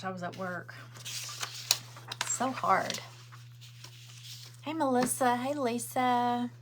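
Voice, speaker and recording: A woman's voice: fairly high pitch, animated, takes it slowly, long pauses, noisy background. A middle-aged woman chats and rambles, answering viewer comments while she crafts at home. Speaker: craft livestream host. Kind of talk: casual chat while crafting.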